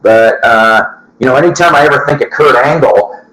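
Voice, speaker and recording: A record-collecting show host rambles casually to his audience, cursing and chuckling at his own asides. He speaks at a normal speed with a mid-range, fairly bright tone, and the room is echoey.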